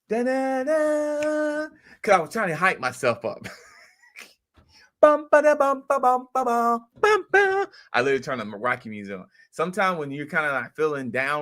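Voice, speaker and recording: A man telling a casual story to his viewers, acting out quotes and humming tunes in an animated way, with features. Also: on the high side. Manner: animated, acts out quotes and hums music. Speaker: crypto vlogger.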